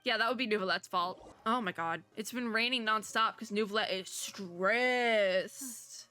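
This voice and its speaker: A woman streaming a game, chatting casually with quick, emotional reactions. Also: mid-range voice, sharp tone, soft background music. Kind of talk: casual gaming commentary.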